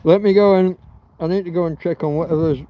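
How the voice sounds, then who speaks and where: A man's voice: high-pitched, fairly even intonation, fast talker, muffled recording, slight background noise. A man from Britain hosting a rambling livestream chat, crude and joking, swearing freely. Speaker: livestream host. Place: outdoors in a field in Spain.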